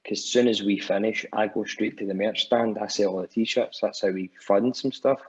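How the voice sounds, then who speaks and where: Scottish guy rambling and swearing, kinda husky, dull lo-fi sound. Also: fairly low pitch, fairly even intonation, moderate pace. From Scotland. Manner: chatty, swears freely, lots of restarts. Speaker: musician guest. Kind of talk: casual storytelling chat. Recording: dull lo-fi podcast audio.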